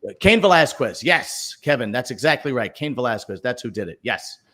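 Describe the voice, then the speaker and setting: A man's voice: medium pitch, animated, a little fast, pushed and bright. A male podcast host chatting casually about news stories, rambling with lots of fillers and restarts and telling jokes for donors. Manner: tells jokes read out for viewer donations.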